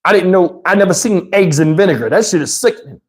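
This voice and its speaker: A middle-aged man tells a profane, animated story to his livestream chat. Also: fast talker. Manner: animated, profane, swings into high voices to mimic others. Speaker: livestream host.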